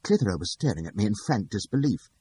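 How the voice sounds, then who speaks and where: A man's voice: on the low side, sing-song, quick pace, mellow, breathy edge, no echo. A man reading a novel aloud in first person, with wry, dry asides. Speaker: audiobook narrator.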